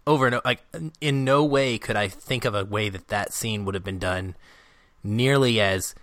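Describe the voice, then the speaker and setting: A man's voice: fairly low pitch, normal speed, fairly bright tone, dry recording. A man co-hosting a podcast, talking casually and animatedly about a movie he loves, laughing often. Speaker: podcast co-host.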